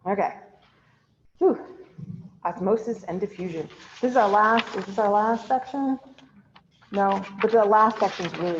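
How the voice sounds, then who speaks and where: A woman's voice: on the high side, slight background noise. Chatty woman teaching over a video call. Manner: chatty, asks the class questions and answers them herself. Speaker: chemistry instructor. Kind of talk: online class lecture. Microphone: computer mic on a video call. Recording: slightly dull, lo-fi video-call audio.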